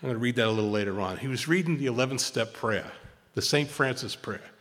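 A man telling his personal recovery story to a meeting, animated and then hushed, with many restarts and repeated words. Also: medium pitch, fast talker. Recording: long hall reverb.

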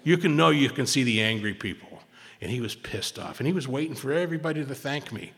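A man telling his personal recovery story to a meeting, animated and then hushed, with many restarts and repeated words. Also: mid-range voice, quick pace. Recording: long hall reverb.

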